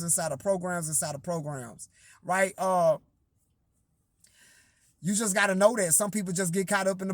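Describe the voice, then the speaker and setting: A man's voice: high-pitched, dry recording. A man telling a story in a casual monologue, profane and rambling with lots of fillers and repeated words.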